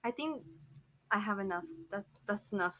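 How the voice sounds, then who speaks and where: A woman's voice: mid-range voice, expressive, normal speed, noisy background. A woman in casual chat with friends, making brief, matter-of-fact remarks. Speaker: friend and co-host.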